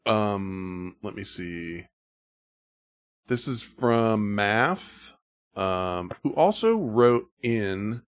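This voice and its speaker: A man's voice: on the low side, animated, drawn-out words, clear, resonant tone, no room sound, clean studio sound. A man hosting a podcast, chatting casually, laughing often and reading listener letters aloud. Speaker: podcast host.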